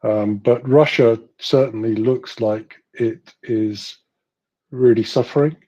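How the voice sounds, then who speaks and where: A man with a low, husky, mellow voice speaks in an even, flat tone on a live online audio panel. He weighs his views carefully and hedges them. The audio is muffled like a streamed call. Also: takes it slowly. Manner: hedging, thoughtful. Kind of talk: casual analytical discussion.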